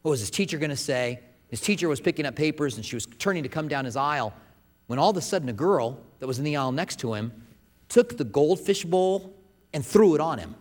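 Male pastor, slightly high voice, preaching with loud and hushed swings, long hall reverb. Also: lively intonation, a little fast. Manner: swings from loud emphatic passages to soft hushed ones. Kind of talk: sermon.

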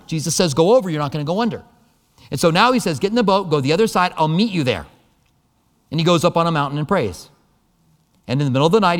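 A fairly high-voiced man preaching to a congregation, telling the story with lively emphasis. His voice carries a long reverb tail through a church hall. He shifts from quiet, slow passages to bursts of energy. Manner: animated storytelling, shifting between soft and emphatic. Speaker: pastor. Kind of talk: sermon.

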